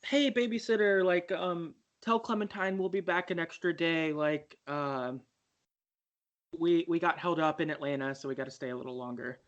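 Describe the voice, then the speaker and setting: A man lightly putting on the voice of a scared young mother leaving rushed phone messages. The words come out hurried, and the pitch lifts above his usual tone. It is a casual retelling rather than a full performance. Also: fairly bright tone, lo-fi sound, close to an everyday voice. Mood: anxious.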